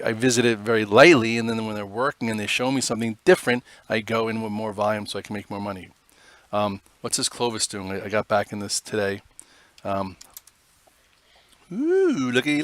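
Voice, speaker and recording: A man's voice: on the low side, a bit bright, no echo. A man hosting a live stock trading show, giving casual, rambling commentary on charts with many fillers.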